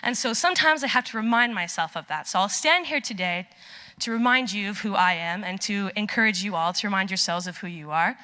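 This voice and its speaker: A young woman telling a personal story on stage, chatty and animated, acting out the voices she quotes. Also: mid-range voice, fairly quick. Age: young adult. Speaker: student storyteller. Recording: long reverb of a large hall.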